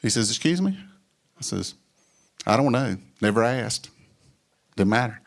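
Middle-aged man, low-pitched, folksy testimony storyteller. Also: fairly even intonation, unhurried, vocal fry. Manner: folksy, storytelling, acts out dialogue. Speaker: businessman sharing his testimony. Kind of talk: personal testimony talk.

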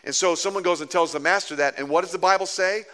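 Bright, lively storytelling pastor. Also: male voice, high-pitched, quick pace. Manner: animated, self-mocking storyteller who acts out quoted people. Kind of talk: storytelling sermon.

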